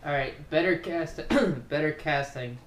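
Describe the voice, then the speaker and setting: A man's voice: fairly high pitch, measured pace. A man co-hosting a casual chat show, tossing in dry, wry remarks. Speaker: podcast co-host. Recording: echoey room.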